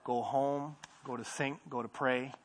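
A young man preaching a casual, conversational sermon in a church service, repeating phrases and moving between quiet asides and louder emphasis. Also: mid-range voice, steady tone, a little slow. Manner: conversational, repeats himself, swings between soft and loud. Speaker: pastor.

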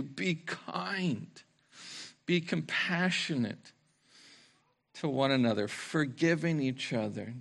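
A middle-aged pastor with a creaky, medium-pitched voice preaches a sermon. Along the way he tells animated stories, performs different voices, and laughs.

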